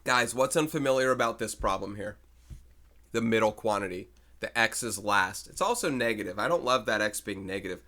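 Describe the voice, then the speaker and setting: A man's voice: lowish voice, a little fast, sharp tone. A man teaching math in a recorded lecture, chatting and thinking aloud as he works through problems.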